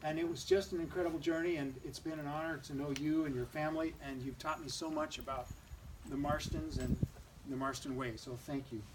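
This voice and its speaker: A man giving a gentle, thankful tribute to a family at a memorial. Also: on the high side, steady tone, a little fast. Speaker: eulogy speaker. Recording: distant mic, faint noise.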